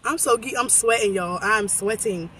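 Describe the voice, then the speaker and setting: A woman's voice: medium pitch, moderate pace, background noise. Giddy rambling woman vlogging from her car. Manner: excited, rambling, talks straight to viewers. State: losing her voice. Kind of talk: casual vlog chat to camera. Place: in a car in a shopping center lot. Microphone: phone camera held by hand.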